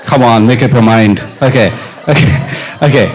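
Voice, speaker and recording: A middle-aged percussionist on stage with a mic, playfully coaching an audience to chant rhythm syllables. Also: male voice, mid-range voice, moderate pace, some chatter behind. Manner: playful, encouraging, laughs often. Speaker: percussionist leading an audience exercise. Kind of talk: live stage talk with audience participation. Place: stage of a live dance performance.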